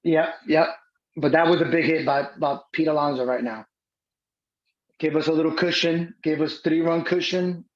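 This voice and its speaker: A man co-hosting a live baseball watch-along chat. He gets excited and often stumbles and repeats his words. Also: on the high side, moderate pace, lo-fi sound. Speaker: co-host.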